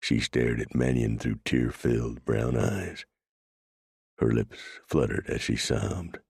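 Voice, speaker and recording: An audiobook narrator with a very deep, gravelly male voice reads scripted narration at a slow pace. His tone is darkish, and the clean studio recording is dry.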